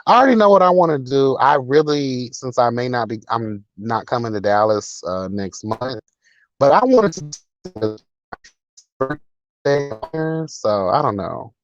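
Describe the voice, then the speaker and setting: A man's voice: mid-range voice, lively intonation, measured pace, no room sound, highs cut off. A man hosting a casual livestream, talking in a sassy, profane, dramatic way. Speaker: livestream host reading chat. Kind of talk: casual chat.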